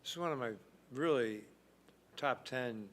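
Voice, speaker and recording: A man's voice: medium pitch, a little slow, a bit bright, slight background noise. A man hosting a live trivia stream, reading out questions and answers and adding dry asides. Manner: wry, reads questions and adds asides. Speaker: trivia host.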